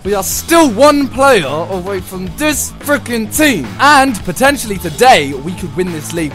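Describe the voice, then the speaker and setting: Excitable young man commenting on gameplay. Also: high-pitched. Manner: excitable, shouting and pleading at the game. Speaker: gaming YouTuber. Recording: faint background music.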